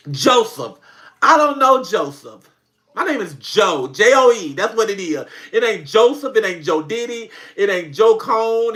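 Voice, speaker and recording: A man who makes comedy skits, chatting casually on a livestream as an animated, laughing storyteller who swears freely. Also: high-pitched. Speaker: comedy skit creator hosting a livestream.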